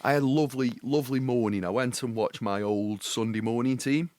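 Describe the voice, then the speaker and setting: A man, co-hosting a podcast in relaxed, jokey chat and telling stories. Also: mid-range voice, fairly quick, a little hiss or hum. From England. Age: 40s. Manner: jokey, storytelling, breaks into song. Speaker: podcast co-host. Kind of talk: casual chat.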